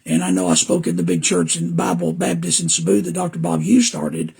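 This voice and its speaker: An older man with a Southern US accent talks like a preacher on a casual podcast, rambling earnestly and stopping to greet listeners by name. His voice is weak and damaged, heavily gravelly and raspy. It sits fairly high for a man. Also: sing-song, fairly quick, a little mellow. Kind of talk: casual podcast talk to live viewers.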